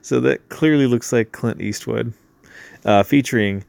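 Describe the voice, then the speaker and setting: Reading through a crowdfunding page aloud, this YouTuber comments casually at a measured pace, laughing easily and drifting into mumbles. His mid-range voice is creaky and a little mellow, with no room sound.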